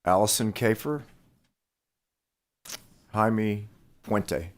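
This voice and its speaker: A man chairing a legislative hearing, calling witnesses in a relaxed, informal way. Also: on the low side, extremely slow. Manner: relaxed, informal procedural talk. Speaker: committee chair.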